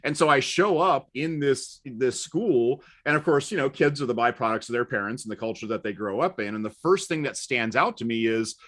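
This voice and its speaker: A man who grew up partly in England, telling stories in a relaxed chat with dry, deadpan humor. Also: mid-range voice, fairly quick, few pauses. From United States, partly raised in England. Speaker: guest. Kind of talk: casual storytelling chat.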